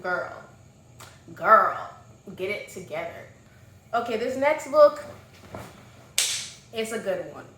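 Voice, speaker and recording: A young woman reviewing books in a casual chat, gushing and animated, dropping to soft murmurs and rising to loud exclamations. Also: high voice. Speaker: book vlogger. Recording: echoey room with faint noise.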